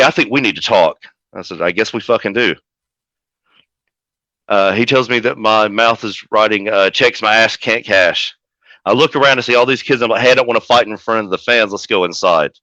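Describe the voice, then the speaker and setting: A man with a bright, forceful voice tells a long, profanity-laced story about a backstage fight. He plays every quote with gusto, and he sounds like the manager he says he is. The recording is dry and a bit dull. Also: medium pitch, no echo. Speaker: wrestling manager guest. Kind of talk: casual storytelling interview.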